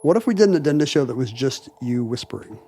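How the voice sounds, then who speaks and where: A man's voice: medium pitch, lively intonation, quick pace, dark tone, soft background music. A man co-hosting a podcast in casual chat, with a dry, wry manner. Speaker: podcast co-host.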